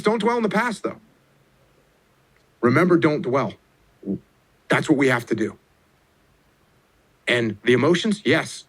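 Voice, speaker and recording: A middle-aged man giving motivational advice in a blunt, repetitive way, jumping up in pitch to stress key words. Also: big pitch swings, measured pace, pauses often. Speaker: former military officer giving advice. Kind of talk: emphatic motivational talk.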